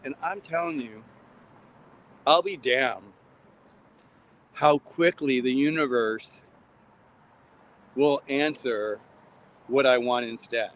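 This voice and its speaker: A vlogger with a fairly high-pitched voice talks directly to viewers as he walks outdoors on a city street outside a building, rambling, heartfelt, and repeating himself. The audio is poor, with slight hiss or hum.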